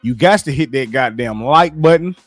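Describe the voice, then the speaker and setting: A man hosting a livestream, ranting about football to his chat in a profane, animated, repetitive way. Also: mid-range voice, moderate pace, dry recording. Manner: profane, animated, repeats himself. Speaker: sports commentary streamer. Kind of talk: casual sports rant to live chat. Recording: dry close mic with faint music.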